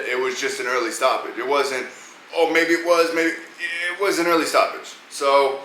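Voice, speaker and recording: A man's voice: medium pitch, sharp tone, slight background noise. A man hosting a podcast, giving casual, profane, rambling picks on upcoming fights. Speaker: podcast host. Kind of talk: casual fight-pick commentary. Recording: echoey room with faint ambience.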